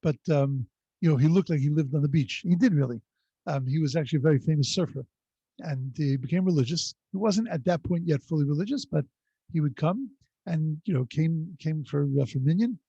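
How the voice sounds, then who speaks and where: Guy rabbi teaching over a video call, gravelly and warm, dry flat sound. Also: fairly high pitch, no room sound, dull audio. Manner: rambling anecdotal delivery with frequent restarts. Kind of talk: conversational storytelling lesson.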